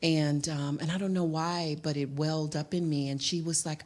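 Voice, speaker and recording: A woman giving a heartfelt spiritual testimony, halting and full of fillers. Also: sits low, steady tone, a little mellow. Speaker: guest speaker and singer.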